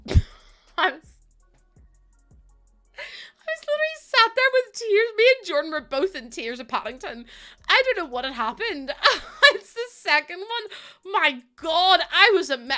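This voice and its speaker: A woman's voice: a little high, pushed and bright. A young woman live-streaming, chatting casually with her chat, giggling often and greeting viewers as she talks.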